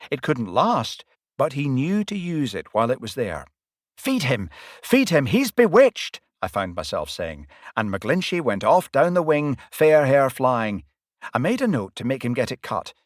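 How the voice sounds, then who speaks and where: Male narrator for a comic audiobook, very expressive pitch, close dry recording. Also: dry recording. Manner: animated, swings pitch and loudness with the action. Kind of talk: first-person audiobook narration.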